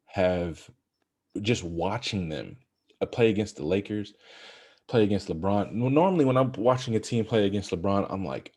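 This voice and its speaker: A young man co-hosting a podcast, chatting about basketball in a casual, animated, rambling way. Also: on the low side, breathy edge. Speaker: podcast co-host. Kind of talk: casual sports chat.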